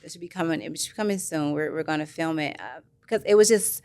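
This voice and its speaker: A woman actress answering interview questions in a rambling, animated way, acting out what others said to her. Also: low-pitched, fast talker. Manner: rambling, animated, acts out quoted voices. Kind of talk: casual interview chat.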